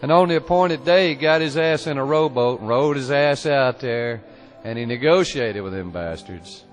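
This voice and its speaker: A man's voice: medium pitch, normal speed, soft background music. A man telling a historical tale as a profane, folksy storyteller, full of swearing and colloquial talk.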